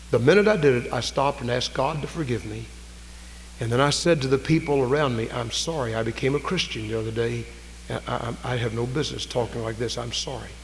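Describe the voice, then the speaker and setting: A man preaching a sermon, fervent, swinging from loud raised cries to low, quiet storytelling. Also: long reverb tail, a little hiss or hum, rough recording. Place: church.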